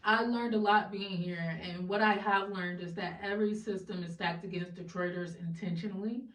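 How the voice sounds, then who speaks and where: A woman's voice: medium pitch, normal speed. Frank woman, roomy distant sound. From Ohio. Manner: frank and animated, swears freely, laughs between points. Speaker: interview guest. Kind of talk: candid casual interview.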